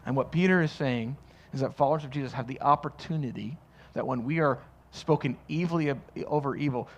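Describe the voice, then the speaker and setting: A man preaching a sermon as pastor, conversational and joking, acting out quoted voices. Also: mid-range voice. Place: church.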